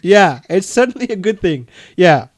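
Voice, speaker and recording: A man's voice: high-pitched, sing-song, moderate pace. A man with a mixed Cameroonian and Texan accent, chatting over a video call, laughing often and restarting his sentences. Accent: mix of Cameroonian and Texan English. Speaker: adoption agency mentor answering questions. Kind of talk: casual video call conversation.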